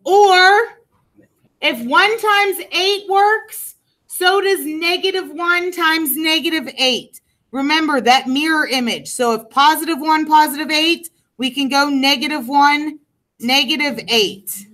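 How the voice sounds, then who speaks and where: Casting: female math teacher, high voice, unhurried, patient step-by-step classroom delivery. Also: pushed and bright, poor audio. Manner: patient, explains step by step, checks in with "okay". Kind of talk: classroom lecture to students.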